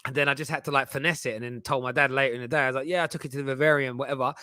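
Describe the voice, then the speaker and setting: A man's voice: medium pitch, steady tone, very fast, sharp tone, clear, resonant tone, no room sound. A man, co-hosting a casual podcast chat and rambling through anecdotes with restarts and slang. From England. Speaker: co-host.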